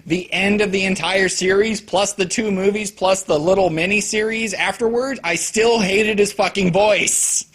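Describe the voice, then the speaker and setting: A young man giving a casual, profane and sarcastic anime review, now and then bursting loud as he mimics characters. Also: sits high, steady tone, normal speed, hardly any pauses.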